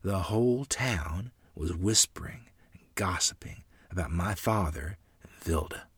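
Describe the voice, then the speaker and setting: Deep husky man reading a memoir. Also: lively intonation, a little slow, fairly bright tone, no room sound. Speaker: narrator.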